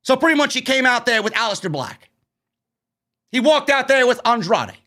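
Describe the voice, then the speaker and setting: A man's voice: very high-pitched, big pitch swings, moderate pace, sharp tone. A man from New York hosting a casual live-stream wrestling review, recapping the show and giving blunt opinions in a chatty way. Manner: opinionated, chatty, recaps events then gives his take.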